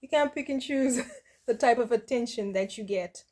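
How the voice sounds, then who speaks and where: A woman's voice: fairly high pitch, normal speed, a little mellow. Sassy middle-aged woman reacting. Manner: sassy, blunt and mocking, with dismissive asides. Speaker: reaction video host. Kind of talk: casual reaction commentary.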